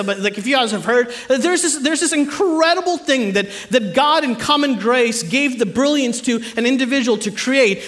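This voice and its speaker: A man in his thirties preaching a sermon in a church, telling animated, humorous family stories to the congregation. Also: extremely high pitch. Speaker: pastor. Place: church stage before a live audience.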